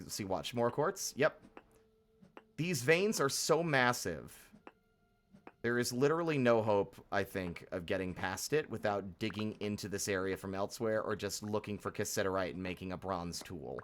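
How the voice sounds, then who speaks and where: A man's voice: lowish voice, normal speed, a bit bright. A young man live-streaming a game, talking casually and frankly, grumbling and swearing freely.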